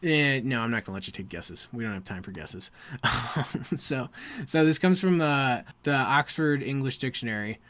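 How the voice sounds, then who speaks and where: A man's voice: mid-range voice, expressive, moderate pace, fairly bright tone. Laughing man co-hosting a book chat. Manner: enthusiastic, laughs often, reads passages aloud. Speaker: podcast co-host. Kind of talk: casual book discussion.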